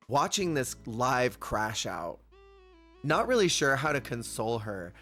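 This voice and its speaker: Chatty male streamer telling a story. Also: medium pitch. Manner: animated storyteller who acts out quotes. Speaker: Twitch streamer. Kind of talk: casual stream chat while gaming.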